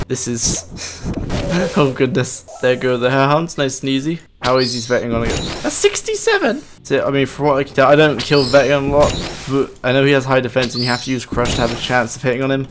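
A man hosting a gaming channel, commentating his play live in an excitable, playful way, often jumping into high-pitched outbursts and laughing at his own misfortune. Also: background noise. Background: game background music.

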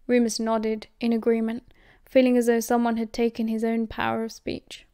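Mellow British woman reading aloud. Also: on the high side, monotone, moderate pace, clean tone, dry recording, studio quality. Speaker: audiobook reader. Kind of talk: fan audiobook narration.

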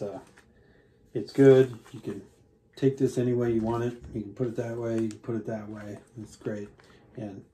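A man's voice: fairly low pitch, mellow. A man casually talking through his favorite records in a rambling vlog, with lots of fillers and easy enthusiasm. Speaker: vinyl collector reviewing records.

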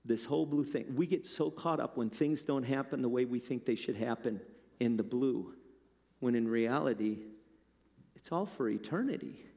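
A man's voice: mid-range voice, normal speed, dark tone. A male pastor preaching a sermon in a conversational, storytelling way. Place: church. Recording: long church-hall reverb.

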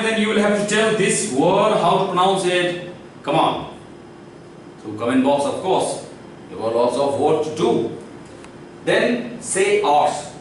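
Indian English male tutor, quizzing style, slightly high voice, faint room hum behind. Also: heavy reverb, far from the mic, rough recording. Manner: instructive, repeats sounds and quizzes viewers. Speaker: language teacher. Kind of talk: online language lesson.

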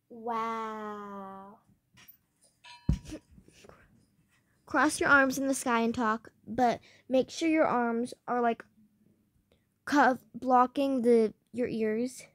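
High-voiced woman in game role-play chat. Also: extremely slow, long pauses. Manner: chatty, playful, serving guests in a pretend restaurant. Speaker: game channel host.

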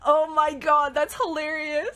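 Excitable high-voiced woman streamer. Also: measured pace. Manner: excitable, loud reactions and bursts of laughter. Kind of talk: live gameplay commentary.

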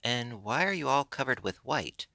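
A man voicing a kindly, generous old man in a storybook reading, speaking gently and fatherly. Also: medium pitch, expressive, moderate pace, gravelly, no echo, pitched above the performer's own voice.

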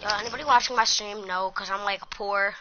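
A woman streaming a video game, chattering and trash-talking in loud, excitable bursts. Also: medium pitch, brisk. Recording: muffled lo-fi mic with loud noise.

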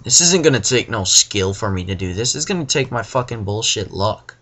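A man's voice: fairly low pitch, animated, brisk. Profane young man ranting over a game. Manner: profane, frustrated ranting, bursts into yelling. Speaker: gamer. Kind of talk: let's play commentary.

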